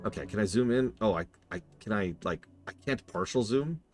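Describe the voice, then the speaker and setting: A man's voice: fairly low pitch, animated, a little fast, faint music behind. A man casually commenting on a horror game during a live stream, rambling, interrupting himself and answering his chat.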